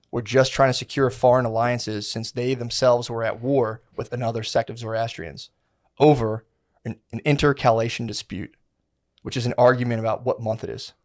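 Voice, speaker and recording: A man co-hosting a podcast, telling a story in casual, rambling chat full of slang and swearing, acting out the people in it. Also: mid-range voice. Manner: rambling, slangy, profane, acts out quotes. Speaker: podcast co-host.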